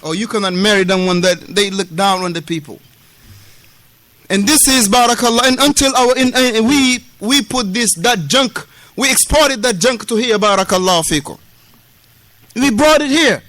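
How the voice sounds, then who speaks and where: Man from West Africa, mosque lesson, emphatic and repetitive, street slang with Arabic terms, bright forceful tone, dry sound. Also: sits high, moderate pace, no room sound. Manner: acts out quoted dialogue. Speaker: Islamic lecturer. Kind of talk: mosque lesson explaining a classical text.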